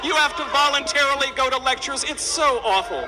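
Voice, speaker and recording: A man's voice: very high voice, a little fast. A man outdoors mocking a group of hecklers in a sarcastic tone. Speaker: speaker facing hecklers. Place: outdoors in a city. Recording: outdoor clip with crowd and street noise.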